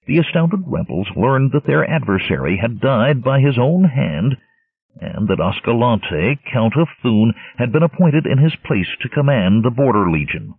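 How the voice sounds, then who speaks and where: A male narrator reads a sword-and-sorcery novel with dramatic, expressive storytelling and a lively, swinging pitch. His voice is low, gravelly and husky. The recording is bone-dry and thin, squeezed into a narrow, phone-like band. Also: no echo. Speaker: audiobook narrator. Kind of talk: scripted narration. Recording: tinny lo-fi narrowband audio, dry.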